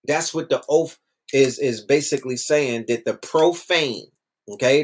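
Animated slangy man, high-pitched. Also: a little slow. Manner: animated, slangy, repeats phrases, mocking voices. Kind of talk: casual monologue.

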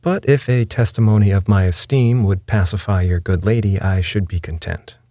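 A man voicing a composed pirate captain who speaks in a polished gentleman's manner. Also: deep voice, fairly even intonation, normal speed, no echo, studio quality. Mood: cool, courtly. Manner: polished gentleman's speech, unflustered. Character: cool, genteel male pirate captain.

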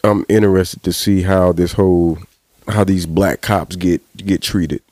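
Guy on a podcast, blunt slangy talk, lowish voice, dry sound. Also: steady tone, a little slow, darkish tone, no echo. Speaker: podcast co-host. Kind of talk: casual chat.

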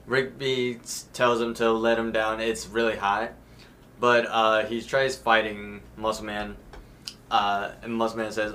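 A man's voice: on the low side, little pitch movement, unhurried, a bit bright, slight background noise. A man on a podcast, retelling cartoon scenes in a matter-of-fact, casual way. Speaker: podcast co-host. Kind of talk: casual episode recap chat.

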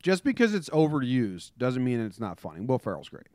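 Jokey podcast host guy, smooth voice. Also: medium pitch, wildly swooping pitch, a little fast, mellow, no room sound. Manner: jokey, loose and chatty. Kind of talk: casual podcast chat with a sports update.

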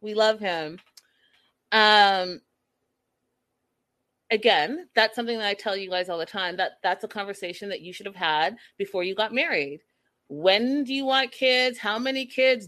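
A woman hosting a casual recap of a reality show, gossipy and animated, laughing at the scenes she retells. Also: mid-range voice, normal speed. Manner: animated, gossipy, laughs at her own quotes. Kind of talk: casual chat.

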